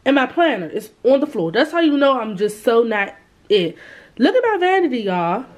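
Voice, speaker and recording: A woman's voice: on the high side, expressive, normal speed, a little mellow. Chatty young woman vlogging to her camera. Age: 20s. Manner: chatty, full of fillers, talks straight to viewers. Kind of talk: casual vlog chat to camera. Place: store, then her bedroom at home. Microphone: camera held or set up by herself.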